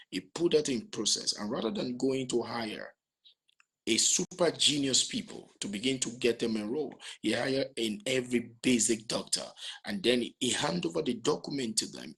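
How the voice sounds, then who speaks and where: A man's voice: medium pitch, creaky, fairly bright tone, slightly rough. A man giving a motivational lecture, repeating phrases and asking rhetorical questions. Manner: repetitive, asks rhetorical questions. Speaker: motivational speaker.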